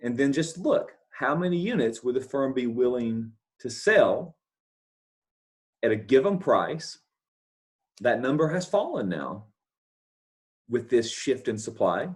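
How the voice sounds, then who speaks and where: Mid-range, expressive and unhurried, this man's voice guides a recorded economics lecture. He works through his scribbled notes, not a board, going step by step, repeating the key points and asking checking questions.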